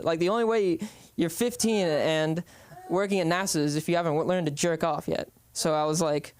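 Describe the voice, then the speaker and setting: A man's voice: on the high side, moderate pace, clean tone, no echo. A young man from the Bay Area doing open-mic stand-up, rambling with lots of ums and hesitations. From San Francisco Bay Area. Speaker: stand-up comedian.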